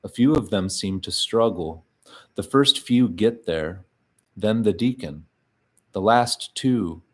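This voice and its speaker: A man giving a measured, quiet reading of literary fiction in the first person, pausing often between short phrases. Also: lowish voice. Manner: slow, measured, quiet delivery with frequent pauses.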